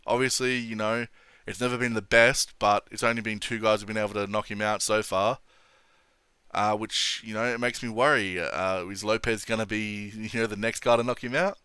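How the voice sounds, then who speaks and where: A man's voice: on the low side, steady tone, normal speed, bright, forceful tone, clean tone, no room sound, studio quality. A young man hosting a casual MMA opinion vlog, blunt and sweary, laughing often. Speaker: MMA commentary channel host.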